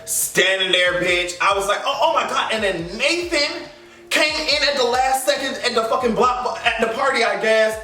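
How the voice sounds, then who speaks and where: Bright, high-voiced man ranting sassily. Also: normal speed, echoey room, recorded from a distance, soft background music. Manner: animated, profane, sassy and playful. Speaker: vlogger reviewing a TV finale. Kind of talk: casual rant to camera.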